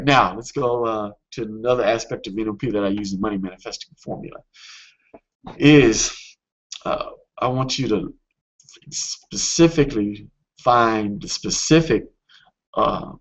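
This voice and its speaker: A man coaching on a webinar in a casual, earnest way, often pausing with fillers and restarting his sentences. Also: on the low side, slightly rough, muffled recording.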